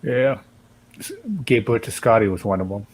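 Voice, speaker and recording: A man's voice: fairly low pitch, moderate pace, low-quality recording. A man joining a stream chat, teasing crudely and rambling through silly stories. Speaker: stream guest. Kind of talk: casual banter on a stream.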